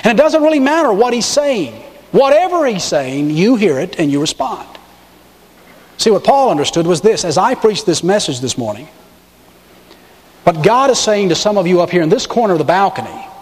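A man preaching from the pulpit with a high voice that leaps up and down as he drives home each point. His urgent sermon rings through a church with a long reverb. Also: very animated, fairly quick. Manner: emphatic preaching, rising on key words. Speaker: pastor. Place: church sanctuary with balcony and choir.

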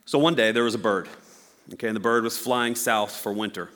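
A man's voice: on the low side, fairly even intonation, a little fast, a bit bright, long reverb tail. A man preaching a sermon as a pastor, telling a story with playful acted-out voices.

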